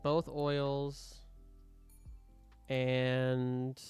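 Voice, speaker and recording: A man's voice: mid-range voice, completely flat delivery, extremely slow, darkish tone, clean tone, dry recording. A young man casually commenting while streaming a game, joking and mock-scolding the customers, with faint music behind him.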